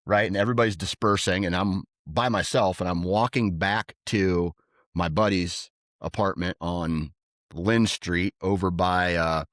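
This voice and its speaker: Low-voiced man telling wild stories. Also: a little slow, no room sound, studio quality. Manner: animated, acts out quotes in a raised voice. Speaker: podcast co-host. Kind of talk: casual storytelling.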